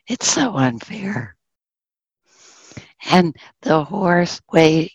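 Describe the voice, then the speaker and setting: Low, husky woman telling a slow dharma story. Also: expressive, no echo, lo-fi sound. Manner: gentle storyteller, drops into soft whispers. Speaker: Buddhist dharma teacher.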